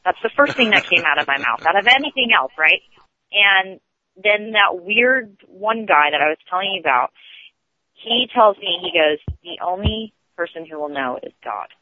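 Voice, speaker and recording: A man's voice: sits high, animated, normal speed, pushed and bright, dry recording. A man, a radio show guest calling in, rambling through a story with many restarts. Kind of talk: casual storytelling on a call-in. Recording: tinny phone line.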